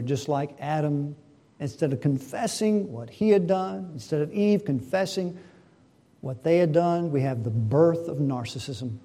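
A middle-aged man preaching a sermon, swinging between emphatic and hushed delivery. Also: fairly high pitch, breathy edge. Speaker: pastor.

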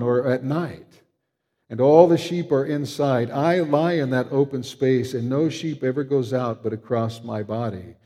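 A male preacher delivering a sermon in an earnest, emphatic way, slowing right down on the words he wants to land. His voice is dark and mellow, and it rings out with a long reverb, as if in a large hall. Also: mid-range voice. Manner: earnest, emphatic, slows down to stress key words.

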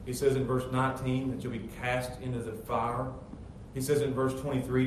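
A middle-aged pastor preaching a sermon with emphatic, rising rhetorical questions. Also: male voice, medium pitch, little pitch movement, moderate pace. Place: church sanctuary. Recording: very echoey church hall, distant mic, faint noise.

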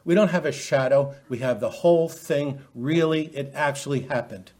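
A man's voice: fairly high pitch, normal speed, a little mellow. A middle-aged male preacher delivers a sermon in a slightly raised voice. He talks emphatically and keeps putting pointed questions to his listeners. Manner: emphatic, many rhetorical questions.

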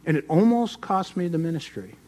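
A middle-aged pastor preaching a sermon, swinging between loud emphasis and soft asides. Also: male voice, fairly high pitch, very animated, fairly quick.

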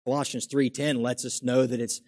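A man preaching a sermon as pastor, swinging from quiet asides to loud, emphatic exclamations. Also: mid-range voice, flat delivery, moderate pace.

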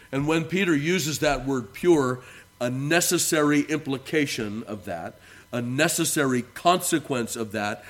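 A male pastor delivering a sermon in a mid-pitched voice. He leans hard into important words and lets the ends of phrases fall away softly. When he reads scripture, his voice climbs and declaims. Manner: earnest preaching, rising for emphasis and dropping soft at phrase ends.

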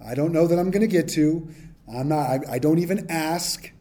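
A man preaching a sermon with a mellow, warm tone that sits a little high for a man. He tells the story animatedly, acting out the quotes as he goes. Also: moderate pace. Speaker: pastor.

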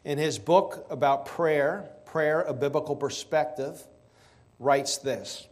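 Emphatic male preacher, higher voice. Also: a little mellow. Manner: emphatic, drawn-out stresses and rhetorical questions. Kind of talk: sermon.

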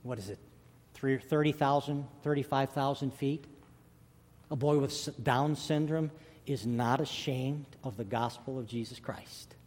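A male pastor preaching a sermon, telling a story with animated swings from loud to hushed. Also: mid-range voice, measured pace, in a large hall.

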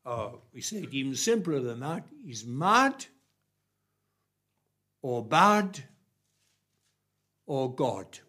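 A man preaching a sermon, emphatic and repetitive, with long pauses between phrases. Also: medium pitch, sing-song, sharp tone.

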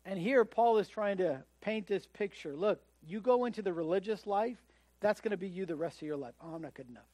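High-voiced man preaching a conversational sermon. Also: fairly quick, a little mellow, dry recording. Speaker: pastor.

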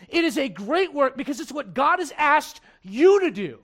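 A middle-aged man preaching with a high, lifted voice. He swings from hushed asides to loud, animated quoted voices and chuckles at his own jokes. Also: moderate pace. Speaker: pastor. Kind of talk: sermon.

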